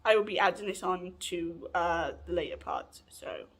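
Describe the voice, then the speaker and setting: This late-20s vlogger has a lowish, fairly bright voice and a moderate pace. She relates a personal story to camera from home in a chatty, rambling manner, often stopping to correct herself.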